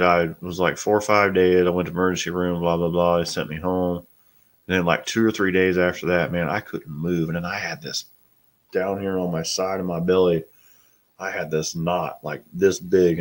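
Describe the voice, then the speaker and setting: A middle-aged man with a very deep voice talks casually to his live audience. He is blunt and plain-spoken, and he swears freely as he chats. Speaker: host. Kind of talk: casual live-stream chat.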